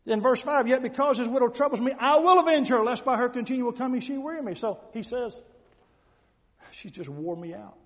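A middle-aged man preaching a sermon to an audience, emphatic and repetitive, swinging between loud declarations and hushed asides. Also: very high voice, quick pace, hardly any pauses. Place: large hall with an audience. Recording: long hall reverb.

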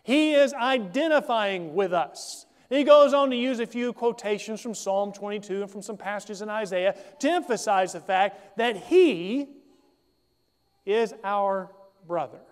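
A man preaching a sermon in a measured, emphatic way, reading scripture aloud and then explaining it. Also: high-pitched, clear, resonant tone, in a large hall.

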